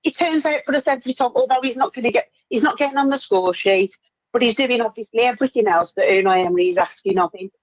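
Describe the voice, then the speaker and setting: A woman's voice: on the high side, fast, dry recording, low-quality recording. An older woman phoning in to a football show, talking earnestly in an English accent. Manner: earnest, agreeable, tag questions. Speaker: caller. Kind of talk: casual phone-in chat.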